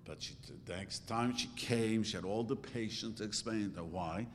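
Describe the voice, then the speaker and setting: Man teaching a class in a reverberant hall. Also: moderate pace. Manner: animated, conversational, acts out quoted thoughts. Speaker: religious teacher. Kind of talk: Torah class lecture. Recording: reverberant hall with faint rumble.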